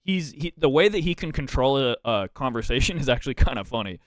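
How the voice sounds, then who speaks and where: A man's voice: mid-range voice, lively intonation, fast talker, dry recording, clean studio sound. A man streaming, giving casual reaction commentary with a chatty, laughing manner.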